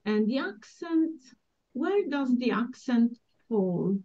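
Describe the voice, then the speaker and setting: A woman teaching a language class over a video call, slowly and patiently modeling words for students to repeat. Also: on the high side, sing-song, dark tone. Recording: dull lo-fi call audio.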